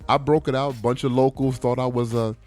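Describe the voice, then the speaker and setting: A man's voice: medium pitch, a little fast, faint music behind. A man co-hosting a podcast in casual chat, telling stories and acting out the dialogue in them. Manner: animated storyteller who acts out quoted dialogue. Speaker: podcast co-host.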